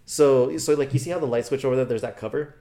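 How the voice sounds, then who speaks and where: Talking fast at a medium pitch, a young man co-hosting a podcast tells an animated story in casual chat. He's slangy, swears freely, and acts out the dialogue of other people.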